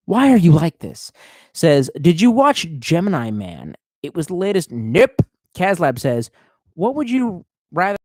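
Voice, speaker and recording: A man's voice: on the high side, darkish tone, no room sound. A tipsy man streaming live, reading out chat and rambling in a profane, off-the-cuff way. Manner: profane, rambling, swerving between mumbles and outbursts.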